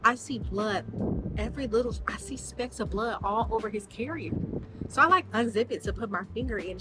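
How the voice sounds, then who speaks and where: A woman vlogger telling a story in a casual, animated way, full of slang and swearing. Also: a little high, a little fast, over loud music, poor audio.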